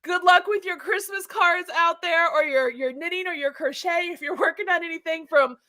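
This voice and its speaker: Female host, high bright voice, casual chat, lively storyteller with frequent laughs. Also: moderate pace. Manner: animated storytelling, laughs often. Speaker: show host. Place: home.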